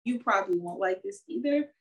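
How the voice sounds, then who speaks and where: A woman co-hosts a casual podcast, chatting playfully, reading wine labels aloud, and adding announcer-style flourishes when signing off. Her mid-range voice is animated and a little fast.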